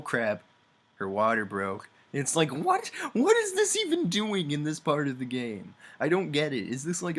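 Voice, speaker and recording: A young man giving a rambling, sarcastic comedic game review, acting out characters in quick voices. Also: mid-range voice.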